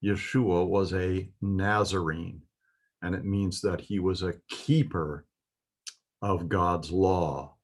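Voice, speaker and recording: A man with a very deep voice walks through a Biblical Hebrew lesson. He speaks slowly and methodically, pausing with the odd "uh" as he explains each letter. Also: steady tone. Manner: slow, methodical explaining with fillers. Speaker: Bible language teacher.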